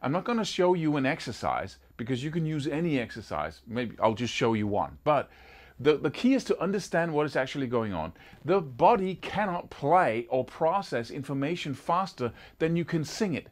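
A man teaching a guitar lesson in a casual, animated way, sometimes singing rhythms as syllables. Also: a little high, normal speed. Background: guitar playing.

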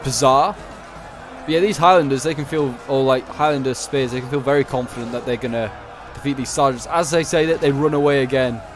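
A man's voice: medium pitch, fairly even intonation, fairly quick, music in the background. A man giving casual, chatty commentary over a strategy game battle, thinking aloud with many fillers and restarts. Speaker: gaming commentator.

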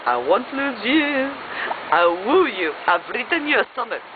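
A jilted wife, bitterly joking one breath and pleading the next, played by a woman in a stage monologue. Her pitch swings widely as she moves between mockery and near tears. The sound is tinny and thin, as though it came over a phone line, with clear background noise. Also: big pitch swings, measured pace. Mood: wistful pleading. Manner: swings between sarcastic jokes and tearful pleading. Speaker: actress performing a monologue.

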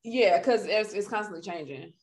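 A woman co-hosting a casual podcast, chatting and laughing in an expressive way. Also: mid-range voice, moderate pace. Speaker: podcast co-host. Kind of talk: casual debate chat.

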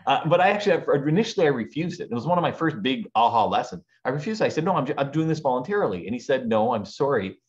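A man in his forties, a guest on a business podcast, telling his story with lively acted-out quotes. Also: mid-range voice, quick pace, hardly any pauses. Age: 40s. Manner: animated storyteller acting out quoted voices. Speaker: guest speaker. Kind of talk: storytelling interview. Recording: dull lo-fi audio.

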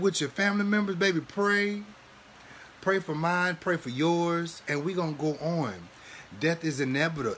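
A man hosting a live stream, chatting and preaching to viewers in an animated way, laughing often and calling listeners baby and honey. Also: on the high side, slight background noise. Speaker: livestream host and minister.

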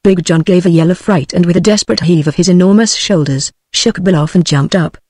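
A text-to-speech woman's voice with a British English accent, reading a book aloud in an even, synthetic manner. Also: lowish voice, fairly quick, no room sound, clean studio sound. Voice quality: synthetic, evenly paced. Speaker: audiobook narrator.

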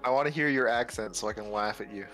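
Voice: medium pitch, fast, fairly bright tone, faint music behind. A young adult streamer chatting casually and teasing friends, full of "like", over a stream microphone. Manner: teasing, joking, fillers of "like". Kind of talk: casual chat.

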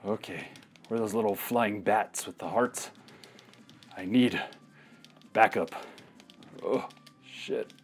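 A man's voice: fairly low pitch, takes it slowly, pauses often, soft background music. A man playing a retro video game and commenting casually, trash-talking the enemies, cursing and joking to himself. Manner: trash-talking, swearing, jokey outbursts at the game. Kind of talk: casual let's-play commentary.

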